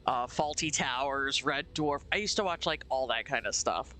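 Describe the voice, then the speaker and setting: A man's voice: mid-range voice, moderate pace, sharp tone. A man from Pennsylvania, a streamer chatting casually while gaming, telling stories animatedly and laughing often. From Pennsylvania, USA.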